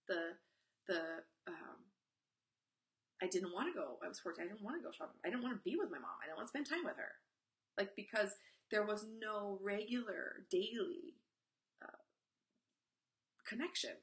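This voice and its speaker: A woman in her forties, a parenting coach on a live stream, talking bluntly and nonstop, swearing freely and telling stories from her own family. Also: lowish voice. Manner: talks nonstop in an animated, emphatic way. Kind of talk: live-stream talk to viewers.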